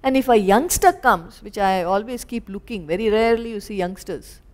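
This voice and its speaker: A woman with an Indian English accent teaching scripture as a spiritual teacher, animated and acting out little scenes. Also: medium pitch, normal speed. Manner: animated, acts out little scenes in quoted voices. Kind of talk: lecture on scripture. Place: lecture hall.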